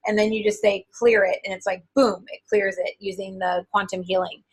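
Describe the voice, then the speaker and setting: A woman in her forties, a guest and author, chatting in an interview in an animated, enthusiastic way with lots of filler words. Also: mid-range voice, a little fast, husky, low-quality recording. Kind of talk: casual interview chat.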